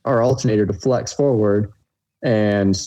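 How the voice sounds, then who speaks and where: Low, mellow-voiced young man. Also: fairly even intonation, measured pace, highs cut off. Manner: easygoing, laughs while telling the story. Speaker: racecar driver guest. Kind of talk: casual podcast interview.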